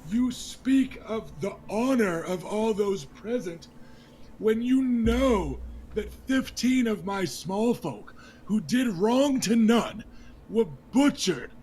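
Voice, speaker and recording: A man's voice: high voice, animated, slow, darkish tone, a little hiss or hum, voice pushed up. A man voicing a young, nervous noble lord who pleads for justice, his voice close to breaking. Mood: indignant.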